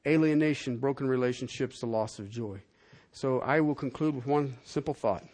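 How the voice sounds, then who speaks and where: A man preaching a sermon as a pastor, swinging from loud, rising proclamation to a hushed, soft prayer, in a church hall. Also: medium pitch, normal speed.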